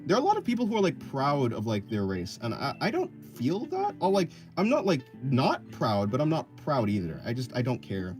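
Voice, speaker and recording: Casting: male streamer, casual live chat, rambling and self-correcting, offhand, pitch that swings up and down, faint music under him. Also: wildly swooping pitch, a little fast, hardly any pauses, a little mellow. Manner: offhand, apathetic. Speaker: livestreamer answering chat.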